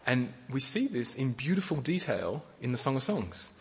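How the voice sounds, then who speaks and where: A middle-aged man preaching a sermon in a gentle way, often repeating words and using fillers. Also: mid-range voice, very animated, moderate pace, breathy edge. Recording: long hall reverb.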